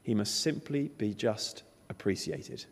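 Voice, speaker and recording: A man's voice: fairly low pitch, big pitch swings, measured pace, husky. Man preaching in a reverberant hall. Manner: emphatic storytelling, acting out the characters' lines. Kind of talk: sermon.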